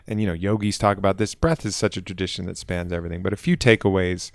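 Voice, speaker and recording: A man hosting a podcast, chatting casually and steering his guest with relaxed, joking questions. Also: deep voice, fast, creaky, dry recording, studio quality. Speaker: podcast host. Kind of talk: casual interview chat.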